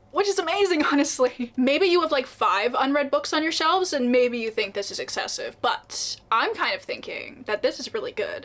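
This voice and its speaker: A woman's voice: high voice, a bit bright. A young woman talking casually on her book vlog, chatty and rambling, with a lot of "like" and "um" and self-deprecating asides. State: out of breath. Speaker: book vlogger.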